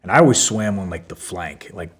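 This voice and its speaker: A man's voice: low-pitched, fairly quick, slightly rough. A man, a podcast guest, tells a story in loose, casual talk full of fillers and swearing. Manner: loose, profane, many fillers.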